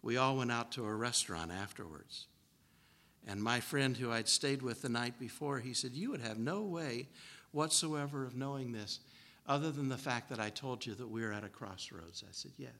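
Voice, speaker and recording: A man preaching and telling a folksy story from the pulpit. His voice is bright and forceful, and a long reverb trails after it in a church hall. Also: mid-range voice, moderate pace. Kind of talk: storytelling sermon.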